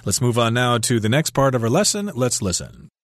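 A man's voice: medium pitch, big pitch swings, fairly quick. A man co-teaching a radio English lesson, explaining words plainly and simply.

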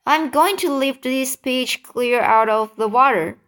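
A woman voicing a young boy who calmly explains his plan in a storybook reading. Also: fairly high pitch, slow. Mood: determined. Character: young boy, calm and determined.

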